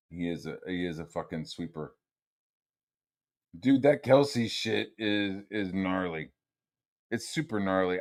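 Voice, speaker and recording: A man's voice: fairly low pitch, fairly bright tone. A young man streaming a solo rant, swearing constantly and mocking his critics in a heated, sarcastic way. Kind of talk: profane rant.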